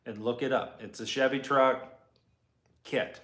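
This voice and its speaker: Cussing, laid-back garage host in an echoey room. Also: male voice, medium pitch, a little slow. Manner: profane, rambling, laid-back. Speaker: host and car builder. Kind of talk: casual live garage chat answering viewer comments.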